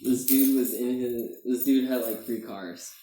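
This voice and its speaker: A man's voice: mid-range voice, fairly even intonation, a little slow, warm tone, distant mic, soft background music. A young man co-hosting a podcast, telling stories in casual chat with lots of fillers, swearing and laughter. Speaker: podcast co-host. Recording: echoey room.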